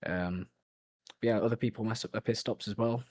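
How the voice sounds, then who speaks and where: A young man from central England with a Birmingham accent, giving a relaxed post-race interview and laughing often. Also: on the low side, moderate pace, dry recording. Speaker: sim racing driver.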